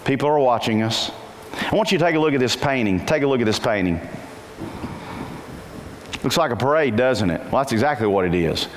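Animated preacher man in a reverberant hall. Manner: animated, singsong quoting with big pitch jumps and slowed emphasis; asks the congregation frequent questions. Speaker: pastor. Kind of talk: sermon. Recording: long reverb and faint noise in a hall.

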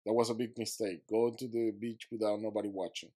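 A man's voice: on the low side, level tone, brisk, few pauses, dark tone. A man who is a podcast guest, telling a vivid story and acting out his own quotes, in slightly broken English.

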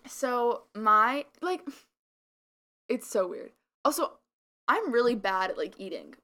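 A woman's voice: a little high, sing-song, takes it slowly, sharp tone. A young woman co-hosting a podcast in casual chat, rambling with lots of filler words and a slight mumble. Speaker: podcast co-host.

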